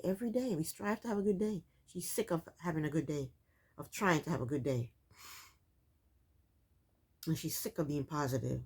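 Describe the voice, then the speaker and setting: A woman's voice: on the low side, a little mellow, slightly rough. A woman recapping a reality TV show in casual commentary, sassy and exasperated, firing off rhetorical questions.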